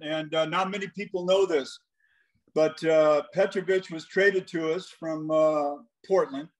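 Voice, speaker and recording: Speaking on the high side, this older basketball coach is a guest on a call. He relates anecdotes in a casual way and performs the quotes within them.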